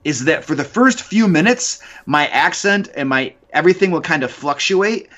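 A man's voice: on the high side, animated, moderate pace, pushed and bright. A talkative man with a slightly raised voice, rambling casually as a guest and padding his sentences with fillers. The recording sounds dull and lo-fi. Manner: rambling, chatty, full of fillers. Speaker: guest, YouTuber and game master. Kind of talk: casual podcast conversation.

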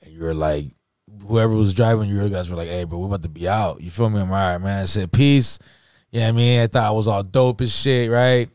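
A man's voice: fairly low pitch, fairly even intonation, fairly quick, darkish tone, no echo, clean studio sound. A young man, telling a profane, laughing story in casual chat and acting out the quotes. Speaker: podcast host.

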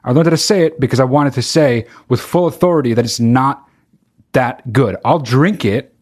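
A man hosting his own podcast in a loose comic rant. He swears freely, rambles and cuts himself off mid-thought. His voice sits in a middle pitch. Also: darkish tone. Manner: profane, rambling, self-interrupting. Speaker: podcast host. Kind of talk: casual comedic monologue.

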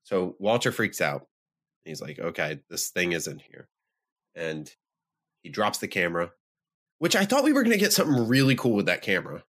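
A man co-hosting a podcast who recaps a horror film's plot with animated, laughing energy. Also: fairly low pitch, fairly quick. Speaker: podcast co-host. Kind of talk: casual chat recapping a film.

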